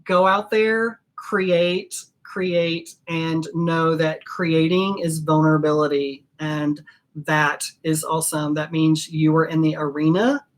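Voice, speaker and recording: Low-pitched woman chatting slow on her stream, lots of ums, heartfelt. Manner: warm, heartfelt, many ums and pauses. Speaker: host of a perfumery channel. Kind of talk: casual live-stream sign-off.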